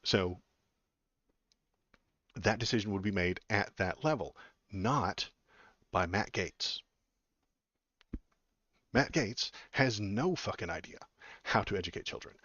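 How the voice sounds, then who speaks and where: Low-voiced, rambling man from Texas. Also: a bit bright, husky, no room sound, lo-fi sound. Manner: rambling and blunt, with many fillers and restarts. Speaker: political livestream host. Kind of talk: casual livestream commentary answering chat.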